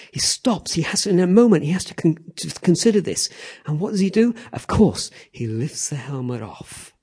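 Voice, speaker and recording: A man's voice: a little high, moderate pace, few pauses, husky. A man preaching animatedly, often checking in with the audience. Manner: animated, repeats "okay? all right?" to the audience. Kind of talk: sermon.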